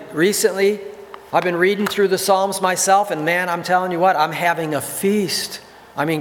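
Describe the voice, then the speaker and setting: A man preaching a sermon in a church, emphatic, slowing down to read scripture and repeating key phrases. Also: high voice. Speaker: pastor. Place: church sanctuary. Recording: church hall reverb.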